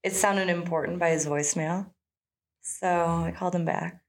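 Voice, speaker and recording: A woman in her thirties talks as a guest on a casual podcast, her voice on the low side. She answers candidly but hesitantly, pausing often and leaning on small fillers. The delivery is unhurried and personal. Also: steady tone. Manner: candid and hesitant, full of pauses and "you know". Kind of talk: casual interview chat.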